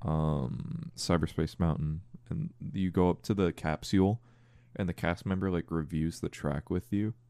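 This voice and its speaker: A man's voice: low-pitched, steady tone, a little slow, vocal fry, dark tone, no room sound. A young man co-hosting a podcast, joking and teasing in casual chat. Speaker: podcast co-host.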